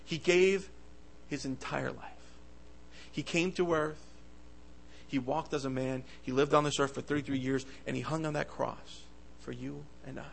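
A man preaching a sermon with passion, swinging between loud bursts and soft asides, often stammering and restarting his words. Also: medium pitch, fairly even intonation, normal speed, gravelly, slight background noise, rough recording.

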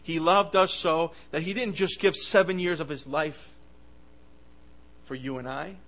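A man delivers a fervent sermon in a slightly high voice. He swings between loud, emphatic bursts and hushed asides. He often stumbles and restarts his words as he goes. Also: fairly even intonation, unhurried, poor audio. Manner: impassioned, swings loud and soft, stammering restarts. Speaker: preacher.

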